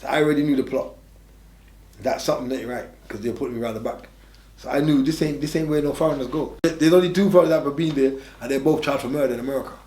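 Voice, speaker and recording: This fast-talking man from England is an interview guest telling casual stories. Medium-pitched and a little dark in tone, he leans on streetwise slang and repeated, emphatic phrases, and the room around him echoes.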